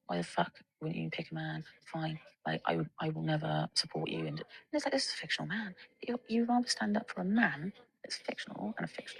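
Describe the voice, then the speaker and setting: A woman's voice: low voice, gravelly, a bit bright, husky, low-quality recording. A young woman in a casual monologue, ranting with lots of swearing and filler words. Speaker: vlogger.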